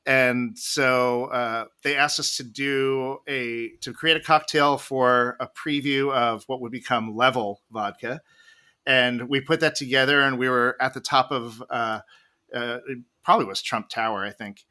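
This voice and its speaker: A man's voice: medium pitch, fairly even intonation, a little slow, bright, forceful tone, clean tone. A man guest on a podcast, telling long, rambling stories with many restarts and laughs. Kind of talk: casual storytelling interview.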